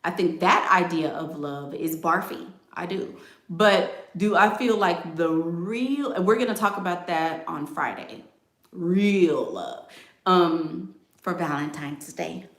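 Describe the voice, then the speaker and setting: Sassy low-voiced woman in echoey room. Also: lively intonation, slow pace. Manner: sassy, direct, laughing asides. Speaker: relationship advice livestream host. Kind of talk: casual chat reading viewer comments.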